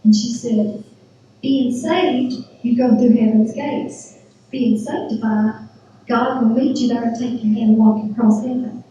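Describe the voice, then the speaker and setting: A middle-aged woman giving a church testimony, retelling events with lively quoted dialogue. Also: on the high side, measured pace, recorded from a distance, lo-fi sound, slight background noise. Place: church sanctuary. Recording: very echoey church hall from afar.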